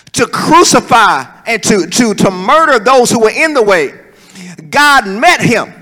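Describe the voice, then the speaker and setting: A male preacher, preaching a sermon and swinging between soaring calls and low, joking asides. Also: pushed and bright. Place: church hall. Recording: long hall reverb.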